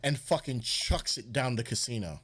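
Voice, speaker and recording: A man hosting a livestream, telling profane, animated stories and acting out the dialogue. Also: mid-range voice, normal speed, slight background noise. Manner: animated, profane, acts out dialogue, laughs often. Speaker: livestream host. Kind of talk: casual storytelling chat.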